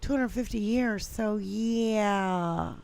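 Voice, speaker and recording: A woman's voice: medium pitch, takes it slowly, creaky, darkish tone. A woman co-hosting a casual political podcast, ranting heatedly with a lot of swearing. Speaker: podcast co-host.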